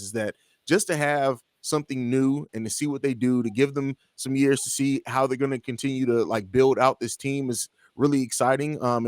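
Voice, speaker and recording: Male co-host, mid-pitched, relaxed and hesitant, casual sports talk. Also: dry recording, clean studio sound. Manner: easygoing, many "uh" and "um" fillers, asks questions.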